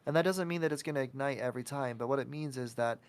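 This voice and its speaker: A man's voice: mid-range voice, fast. A man hosting a podcast interview, talking casually and giving an encouraging, motivational pep talk. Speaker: podcast host.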